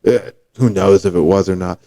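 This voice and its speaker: Fast-talking low-voiced young man. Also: gravelly, warm tone. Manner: slangy, quick interjections full of "bro" and "like". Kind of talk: casual chat.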